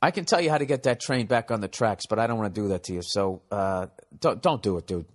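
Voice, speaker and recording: A man's voice: on the low side, quick pace. Blunt, profane man riffing advice. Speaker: podcast host giving advice. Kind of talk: casual comedic advice monologue.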